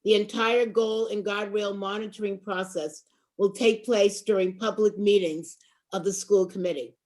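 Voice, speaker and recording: A woman with a Boston accent and a mid-pitched voice. She reads prepared closing remarks at an online meeting at an even, measured pace, like a public official. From Boston, USA. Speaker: school committee member co-facilitating.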